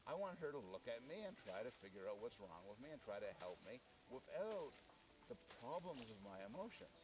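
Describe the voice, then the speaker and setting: A man's voice: mid-range voice, very animated, a little fast, distant mic. A man giving a talk to an audience in a conversational lecture style, with dry humor. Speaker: speaker.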